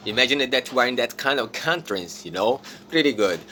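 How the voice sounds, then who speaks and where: Bright-voiced man teaching phrases. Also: mid-range voice, lively intonation, a little hiss or hum. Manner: repeats example phrases slowly and deliberately. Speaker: English teacher. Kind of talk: casual video lesson.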